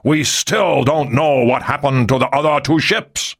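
A man's voice: mid-range voice, measured pace, vocal fry, a bit bright, slightly rough, pitched above the performer's own voice, exaggerated voice. A man doing a furious, blunt navy admiral. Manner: thundering, blunt. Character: angry male naval admiral, commanding.

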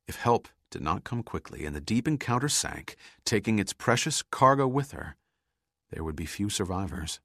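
Deep-voiced man narrating an audiobook. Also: sing-song, moderate pace, gravelly, a bit bright, no room sound, studio quality. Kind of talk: scripted narration.

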